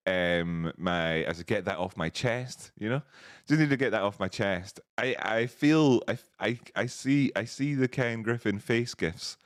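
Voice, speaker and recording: A man's voice: fairly low pitch, dry recording, studio quality. A man hosting a live stream, chatting casually, laughing often and reading out viewers' messages. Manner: chatty, laughs often, reads chat aloud.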